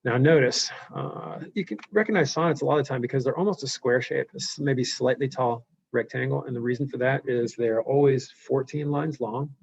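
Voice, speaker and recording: Gravelly, husky man teaching class. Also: medium pitch, moderate pace, few pauses, darkish tone, no room sound. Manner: explains loosely with fillers and check-ins. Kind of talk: live online class lecture. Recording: dull lo-fi sound.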